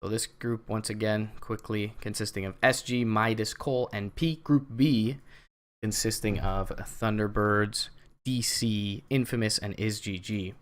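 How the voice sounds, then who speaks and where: A young man with a Canadian accent giving solo esports play-by-play commentary, chatty and relaxed with lots of fillers. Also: lowish voice, measured pace. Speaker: esports caster.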